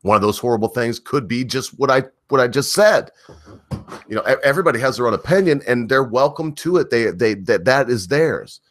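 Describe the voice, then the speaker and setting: A man hosting a livestream, giving an opinionated, rambling rant with emphatic, drawn-out stretches. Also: mid-range voice, lively intonation. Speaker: livestream host.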